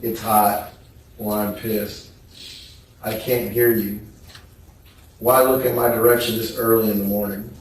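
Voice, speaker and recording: A man testifying as a witness in a courtroom, reading text messages aloud in a flat, measured way. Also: lowish voice, slight background noise. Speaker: trial witness, investigator. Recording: very echoey courtroom, distant mic.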